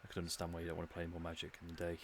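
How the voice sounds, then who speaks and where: A man's voice: sits low, completely flat delivery, racing, a little hiss or hum. An English man streaming a game, musing and rambling in a casual commentary with dry humour. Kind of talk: casual commentary while playing.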